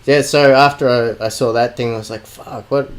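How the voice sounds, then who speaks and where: A man's voice: mid-range voice, steady tone, fast, low-quality recording. An Australian man co-hosting a podcast, rambling through stories and teasing his co-host. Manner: rambling, teasing, many fillers. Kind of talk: casual chat.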